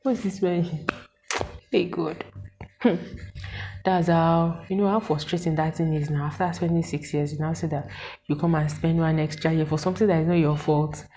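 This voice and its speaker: A Nigerian woman in her twenties, telling a story to her viewers in an animated, exasperated way and asking them questions. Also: deep voice, moderate pace, rough recording. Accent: Nigerian English with Pidgin words. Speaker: vlogger. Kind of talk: casual storytelling to camera.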